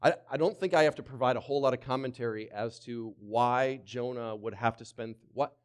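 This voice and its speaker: A man's voice: mid-range voice, a little fast, smooth. A man preaching a sermon, emphatic, repeating phrases and calling on the congregation to answer back. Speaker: pastor.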